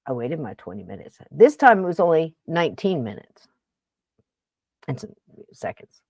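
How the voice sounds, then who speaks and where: A woman's voice: deep voice, sing-song, normal speed, dry recording. A woman podcast host telling a funny story in casual chat, acting out both sides of a phone call with jokes.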